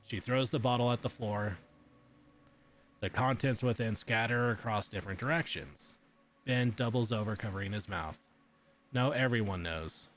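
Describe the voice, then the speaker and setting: A man's voice: lowish voice, normal speed, fairly bright tone. A man streamer reading a visual novel's text aloud during a playthrough, breaking in with blunt sworn reactions.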